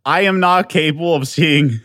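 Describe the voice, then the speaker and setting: A man's voice: fairly high pitch, moderate pace, fairly bright tone, no room sound, clean studio sound. A man hosting his own podcast alone, rambling and swearing, with many restarts and filler words, pleading earnestly with his listeners. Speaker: podcast host. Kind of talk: solo podcast monologue.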